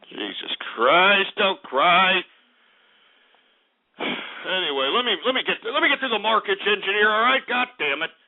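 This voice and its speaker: A man's voice: high-pitched, animated, fast talker, hardly any pauses. Brash, profane man on lo-fi talk radio. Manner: brash, profane, ranting, with many fillers. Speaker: radio host. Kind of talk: talk radio rant and market report. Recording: phone-like lo-fi radio stream.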